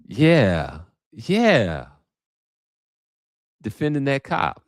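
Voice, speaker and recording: A man's voice: medium pitch, huge pitch swings, very slow, no room sound, clean studio sound. A man hosting a livestream, talking casually and thinking aloud with many restarts. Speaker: host. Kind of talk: livestream commentary.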